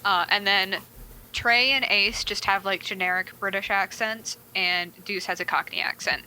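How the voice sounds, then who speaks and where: A woman's voice: medium pitch, fairly even intonation, moderate pace, sharp tone, a little hiss or hum, rough recording. A woman co-hosting a casual podcast chat, laughing a lot and teasing the others. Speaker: podcast co-host.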